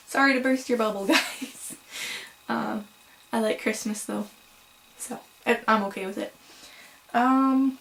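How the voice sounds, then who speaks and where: A young woman with a slightly high voice talks casually to her camera at home about yarn and crochet. She is chatty and a little apologetic, filling pauses with "um" and "so". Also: low-quality recording. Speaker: crochet vlogger. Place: home room.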